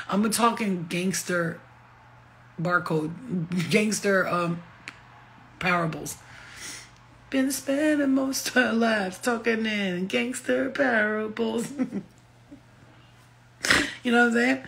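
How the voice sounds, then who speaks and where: A woman's voice: mid-range voice, takes it slowly, vocal fry, long pauses, a bit bright, a little hiss or hum. A middle-aged woman rambling casually and laughing often, full of slang, in a vlog monologue. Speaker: vlogger.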